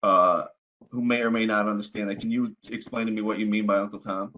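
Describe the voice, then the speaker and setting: A man's voice: lowish voice, fairly even intonation, brisk, pushed and bright, dull audio. A man cross-examining a witness in careful, hedging legal questioning, often rephrasing himself.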